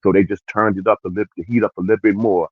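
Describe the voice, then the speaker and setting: A man's voice: fairly low pitch, level tone, breathy edge, no room sound. Preachy man on dull lo-fi audio. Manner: preachy, drawn-out emphatic points. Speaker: livestream host. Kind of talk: casual opinion chat.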